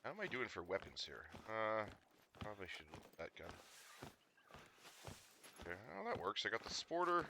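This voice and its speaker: A man's voice: fairly low pitch, big pitch swings, moderate pace, long pauses, background noise. A young man from Canada streaming a game, chatting casually and rambling, laughing often and cracking jokes. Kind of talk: casual live-stream chat.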